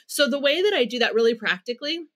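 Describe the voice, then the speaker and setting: A woman's voice: on the high side, animated, fast talker. An American woman guesting on a podcast, earnestly explaining parenting advice and acting out bits of dialogue as she goes.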